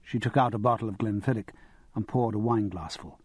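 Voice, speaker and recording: A man narrating an audiobook in an expressive storytelling manner. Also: on the low side, a little fast, breathy edge, dry recording. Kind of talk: scripted narration.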